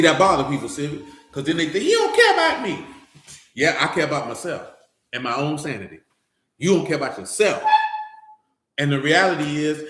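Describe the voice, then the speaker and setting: A man's voice: fairly high pitch, a bit bright. A man giving an informal Bible teaching in a conversational, slangy way, speaking straight to his listeners. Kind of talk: informal sermon. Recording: roomy echo.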